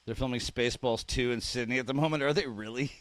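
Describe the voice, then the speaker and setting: A man's voice: medium pitch, fast talker, fairly bright tone, no echo. A man hosting a casual live stream, chatting and reacting aloud to messages from his viewers, sometimes repeating unfamiliar words as he tries them out. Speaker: streamer reading live chat.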